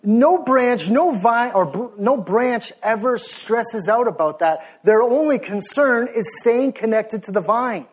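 A young man delivering a sermon in a high, light voice. He preaches with fervent intensity, building to loud, insistent commands. Between them he eases into quieter, self-deprecating asides. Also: animated, measured pace, few pauses, slightly rough. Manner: passionate, rising to near-shouting then softening to sheepish asides.

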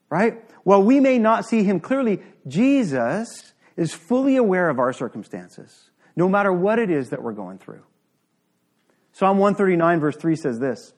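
Guy preaching a sermon to a room full of people, earnest, keeps asking "right?", voice a bit on the high side. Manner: earnest, emphatic, with frequent "right?" checks to the congregation. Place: room with a live congregation.

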